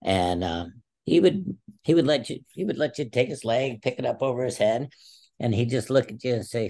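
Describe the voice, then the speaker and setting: A man in his sixties, a podcast guest, telling animated stories and acting out quotes. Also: mid-range voice, normal speed, gravelly. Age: 60s. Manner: animated storyteller who acts out quotes. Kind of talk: casual interview storytelling.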